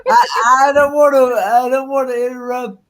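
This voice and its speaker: A man's voice: very high voice, steady tone, a crowd in the background. A man from Tennessee, speaking hesitantly in a casual live stream chat. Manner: hesitant, halting.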